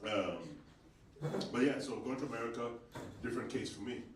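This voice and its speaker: Comedian in an echoey theatre. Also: male voice, mid-range voice, a little fast, background noise. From Uganda. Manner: conversational storytelling with sudden yelled punchlines. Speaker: stand-up comedian. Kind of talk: live stand-up comedy set. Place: theatre stage with live audience. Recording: echoey theatre, distant mic, audience laughter.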